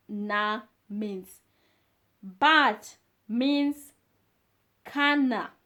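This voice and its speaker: A woman gives a beginner language lesson in a high voice. She speaks very slowly, saying each phrase several times with many pauses and fillers in between. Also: a bit bright. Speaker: language teacher.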